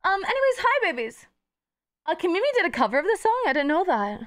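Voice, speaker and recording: High-voiced woman streamer, playful and swearing. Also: big pitch swings, fast, fairly bright tone. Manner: playful, swears freely, coos baby talk to viewers. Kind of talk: casual live-stream chat.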